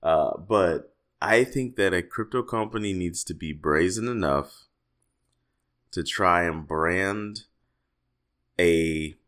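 Deep, bright-voiced joking podcast man. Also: slow pace, long pauses. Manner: animated, joking storyteller. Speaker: podcast co-host. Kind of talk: casual podcast chat.

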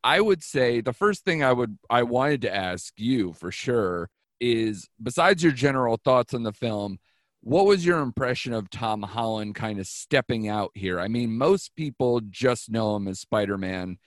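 A man hosting a casual film review chat, digressive, with quick laughing asides. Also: medium pitch, expressive, no echo, clean studio sound. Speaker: podcast host.

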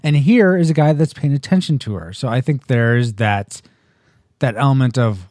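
A man hosting a casual movie review chat, animated and laughing often as he argues his points. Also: mid-range voice, moderate pace, no room sound, studio quality. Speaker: podcast host.

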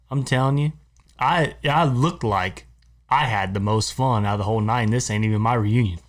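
A man co-hosting a podcast in a studio, telling a long casual story among friends, rambling, repeating himself and laughing as he goes. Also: on the low side. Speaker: podcast co-host.

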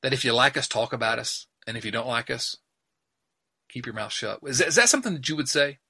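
A man's voice: mid-range voice, expressive, fast, pushed and bright, breathy edge. A man hosting a casual sports podcast, joking, laughing at himself and rambling through asides. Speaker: podcast host.

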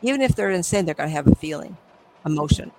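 A woman's voice: fairly low pitch, lively intonation, quick pace, a little mellow, a little hiss or hum, rough recording. A middle-aged woman, a psychic medium, telling stories animatedly in an interview and acting out the voices. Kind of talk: conversational interview storytelling.

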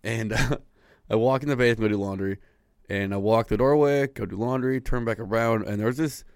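A man co-hosting a podcast, telling a story in a loud, profane, laughing way. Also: mid-range voice, brisk, dry recording, clean studio sound. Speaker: podcast co-host. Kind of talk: casual storytelling.

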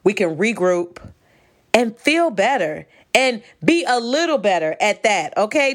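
Chatty podcast woman from Chicago. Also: on the high side. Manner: chatty and animated, addressing listeners as "y'all". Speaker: podcast host. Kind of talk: casual solo podcast talk. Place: home.

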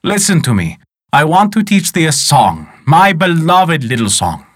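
A man's voice: a little high, sing-song, unhurried, no room sound, studio quality, voice pushed up. A man voicing Woe, a lank, skeletal male spirit who is boastful and mocking and speaks in old-fashioned words, in a folk tale. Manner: archaic speech, teasing and boastful. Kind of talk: storytelling.

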